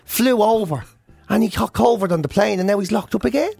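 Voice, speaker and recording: A man's voice: high voice, brisk, vocal fry, breathy edge, dry recording. An Irish man co-hosting a radio show, telling stories with lots of acted-out quotes. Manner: animated storyteller, acts out quotes. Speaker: radio co-host. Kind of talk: casual chat.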